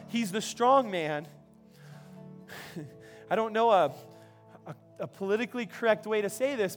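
A male pastor preaching a sermon in a church, telling a story in a loose, conversational way with many restarts and repeated words. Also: sits high.

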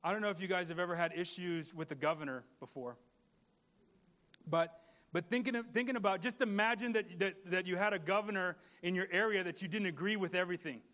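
A man's voice: high-pitched, fairly quick, pushed and bright. A man pastor preaching a conversational sermon, repeating words and asking the congregation questions.

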